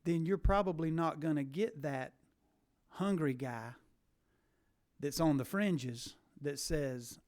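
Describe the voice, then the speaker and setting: A man's voice: fairly high pitch, takes it slowly, pauses often, a little mellow. A man questioning witnesses at a legislative committee hearing, pressing his point and repeating words for stress.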